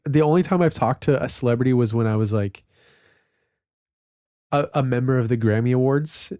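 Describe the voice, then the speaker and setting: A man in his late thirties tells casual stories on a podcast, wandering and loose, peppered with fillers and the odd curse. His voice is dark and mellow. The recording is dry and close. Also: mid-range voice, brisk, dry recording. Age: late 30s. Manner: rambling with many "like" fillers, swearing. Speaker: podcast co-host. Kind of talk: casual storytelling chat.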